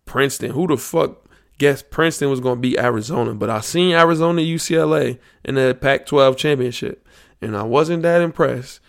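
Gravelly man riffing on sports. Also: mid-range voice, normal speed. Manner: loose, profane, slangy sports talk, thinking aloud. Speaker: podcast host. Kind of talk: casual solo podcast talk.

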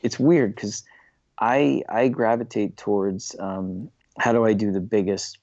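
A man's voice: deep voice, warm tone, no echo. A man talking as a guest in a casual interview, rambling enthusiastically and often restarting his sentences. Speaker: comic book writer, interview guest. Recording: dull lo-fi dry recording.

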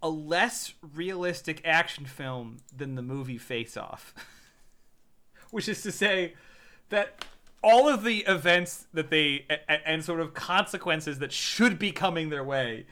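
A man's voice: on the high side, slow pace, pushed and bright. A man co-hosting a casual movie review podcast, exasperated and emphatic, stumbling over his starts. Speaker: podcast co-host.

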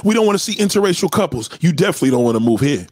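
A man's voice: on the high side, sing-song, racing, a little mellow, breathy edge, no echo, clean studio sound. A man hosting a casual livestream, reading viewer comments and ranting bluntly with lots of profanity. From New York. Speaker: livestream host.

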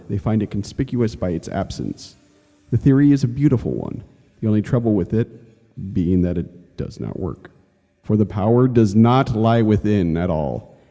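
A man's voice: on the low side, mellow, big-room sound. A man reading an inspirational course lesson aloud, earnest and exhorting, speaking straight to the listener. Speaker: course instructor.

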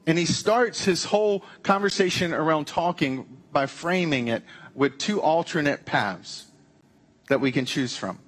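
Husky-voiced man preaching a sermon. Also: a little high, animated, a little slow, fairly bright tone. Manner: conversational, many restarts and asides. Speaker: pastor.

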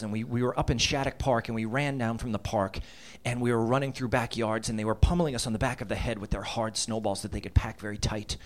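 A man in his fifties from Massachusetts spins a comic childhood tale in a voice of middling pitch. He laughs through his lines, and he breaks into little voices and sound effects as the story builds. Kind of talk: comedic personal storytelling.

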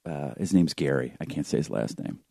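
Animated joking man podcast host. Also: a bass voice, fairly quick, creaky, no echo, clean studio sound. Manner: joking, swears, name-dropping anecdotes. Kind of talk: casual chat.

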